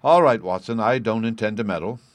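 A man voicing a thoughtful, drily amused detective who reasons in a measured way, in an audiobook reading. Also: fairly low pitch, no echo, natural voice. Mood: musing. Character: sharp, languid male detective, thoughtful and dry.

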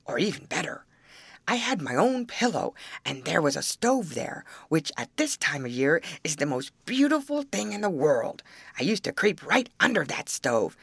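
A woman voicing a hoarse old male yard dog who grumbles on like a wise old-timer in a storybook, with a low, barking voice. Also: no echo, exaggerated voice.

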